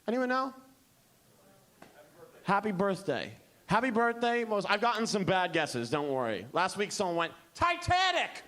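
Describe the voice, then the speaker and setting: Lively, high-voiced male stand-up comic. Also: moderate pace, long pauses. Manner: animated, exaggerated storytelling. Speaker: stand-up comedian. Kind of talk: stand-up comedy set. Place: comedy club stage. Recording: noisy comedy club recording.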